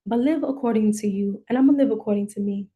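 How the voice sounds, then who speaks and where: Woman, podcast coach, warm mellow tone, earnest, holding back tears, reflective monologue. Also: mid-range voice, fast talker. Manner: earnest, emotional storytelling. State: near tears.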